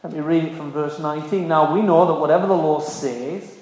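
Emphatic preacher in an echoing hall. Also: male voice, a little high, fairly even intonation, brisk, darkish tone. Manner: earnest, emphatic, repeating key phrases. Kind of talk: sermon. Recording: very echoey hall with long reverb.

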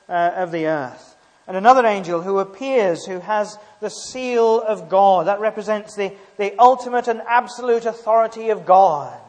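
A man preaching a sermon, emphatic and halting, often asking rhetorical tag questions. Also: high voice, big-room sound.

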